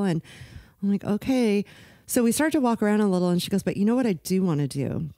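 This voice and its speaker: A middle-aged woman co-hosting a podcast, telling a personal story in casual chat, animated and emotional, acting out the people she quotes. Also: medium pitch, fairly quick, no room sound, studio quality. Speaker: podcast co-host.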